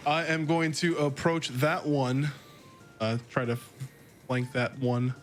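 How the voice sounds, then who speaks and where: A man's voice: medium pitch, slow pace, soft background music. A man playing a tabletop game, thinking aloud as he works out his attacks and rolls. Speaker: player.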